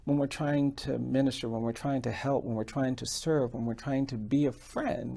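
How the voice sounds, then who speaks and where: A man as a podcast guest, telling a story in a quiet, measured way. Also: mid-range voice, steady tone, vocal fry. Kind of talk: storytelling in a conversation.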